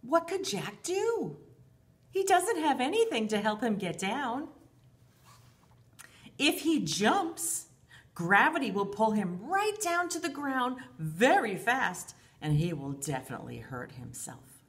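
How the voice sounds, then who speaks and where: A woman's voice: a little high, sing-song, takes it slowly. A woman teacher reading a storybook and leading a lesson for young children, speaking expressively in a sing-song way and calling herself by name in the third person. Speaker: preschool teacher.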